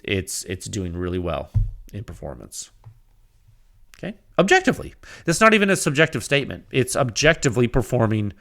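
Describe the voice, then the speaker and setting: With a medium-pitched voice, a man hosts a casual solo podcast, rambling and animated. He restarts often, laughs, and acts out quoted exchanges.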